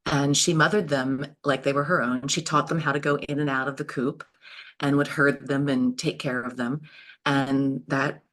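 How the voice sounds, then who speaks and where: Bright-voiced woman storyteller. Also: a bass voice, moderate pace. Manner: lively, animated storyteller with frequent laughs. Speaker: homesteading guest. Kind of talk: storytelling in an interview.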